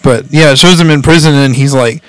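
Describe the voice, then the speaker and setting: A man's voice: fairly high pitch, fairly quick, a bit bright, no echo. A man chatting casually, retelling a story in a rambling way and laughing as he goes. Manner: rambling, laughs often, quotes characters in voices. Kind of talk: casual chat retelling an anime plot.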